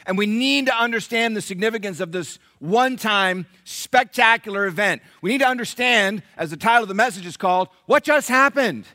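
A middle-aged male pastor preaching a sermon in a church, animated and conversational, quizzing the congregation. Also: high-pitched, brisk, hardly any pauses, no echo, clean studio sound. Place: church sanctuary.

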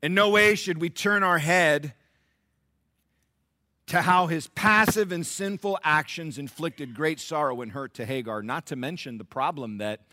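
A middle-aged man preaching a sermon to his church, rising to loud emphatic peaks and dropping to hushed, intimate asides. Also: medium pitch, no echo, clean studio sound. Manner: acts out biblical characters in quick voices. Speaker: pastor.

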